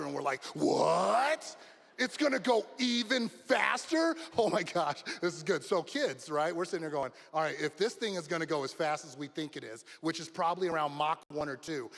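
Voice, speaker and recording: A high-voiced man tells a story at a graduation ceremony, building excitement and shouting at the wild moments. His voice carries the long reverb of a big venue. It is a speech to a crowd, not a chat. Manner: animated, shouting the exciting parts. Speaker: graduation speaker. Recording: long reverb of a large hall.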